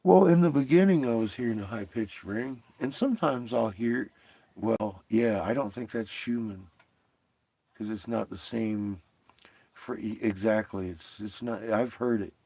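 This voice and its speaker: A man hosts a casual livestream and rambles from one thought to the next. His voice sits low with a gravelly edge, and he swears and laughs often. The sound is close and dry, with no room behind it. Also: a little slow, warm tone, no echo. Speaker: livestream host.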